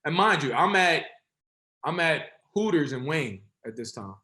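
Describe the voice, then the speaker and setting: A man in his thirties from New Jersey, a former football player telling a story as a guest in a casual, animated, slang-filled way. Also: a little high, a little slow. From Essex County, New Jersey. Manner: animated, rambling with slang and self-corrections.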